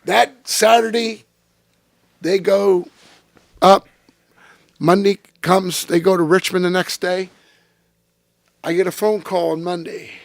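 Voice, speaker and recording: Interview guest: a man with a raspy, fairly high voice, salty and lively, acting out quotes as he tells the story, close dry sound. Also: slow, pauses often, dry recording. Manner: profane, animated storyteller who acts out quotes.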